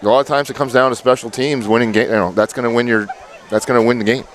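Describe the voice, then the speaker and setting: A man giving relaxed, chatty color commentary at a high school football game, laughing easily. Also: fast. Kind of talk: sports commentary.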